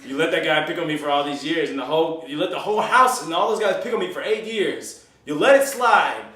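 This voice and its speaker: A man's voice: a little high, expressive, a little fast, fairly bright tone. A man doing a former male president's voice, complaining bluntly and profanely. It is a roomy recording from a distant mic with faint noise. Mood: bitter.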